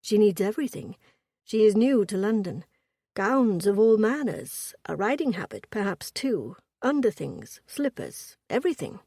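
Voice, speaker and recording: Lady reading a calm firm gentleman lord, low-key and measured, mellow dry voice. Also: dry recording. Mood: matter-of-fact. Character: gallant young viscount husband, firm.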